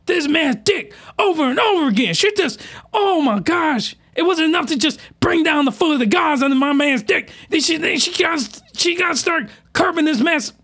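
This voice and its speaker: High-voiced man ranting excitedly. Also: moderate pace. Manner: excitable, crude, shouting outbursts with voice cracks. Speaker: anime reaction host. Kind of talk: excited reaction commentary.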